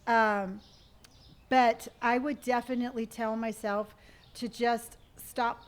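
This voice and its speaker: A middle-aged woman streaming live, reading viewer comments and answering them in a warm, gentle way, often calling people honey. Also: on the high side. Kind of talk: casual live-stream chat.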